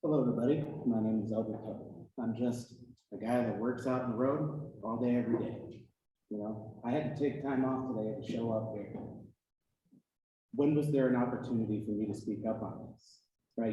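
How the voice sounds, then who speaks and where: A man's voice: medium pitch, fairly even intonation, a little fast, dark tone, slight background noise. A man giving a combative, frustrated public comment at a county legislature meeting, asking rhetorical questions. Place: large legislative chamber. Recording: distant, dull, echoey chamber audio.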